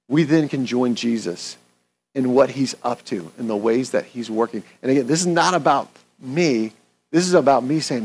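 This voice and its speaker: A man's voice: medium pitch, darkish tone. A man, a pastor, preaching a sermon in an earnest, conversational way, repeating his key phrases.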